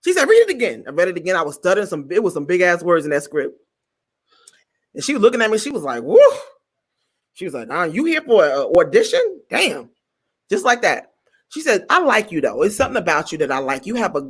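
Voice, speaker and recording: A woman's voice: fairly low pitch, fast, slightly rough. A woman comedian from New Jersey telling a story in casual chat, acting out the voices of the people in it. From New Jersey, USA. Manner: animated, acts out quoted voices; stutters at times. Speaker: comedian guest.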